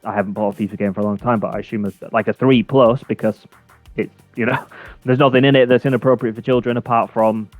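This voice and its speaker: A man's voice: medium pitch, steady tone, fast talker, no echo. A man co-hosting a games chat show, rambling with fillers and restarts and chuckling as he talks. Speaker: co-host. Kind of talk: casual chat. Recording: dull lo-fi sound with faint music.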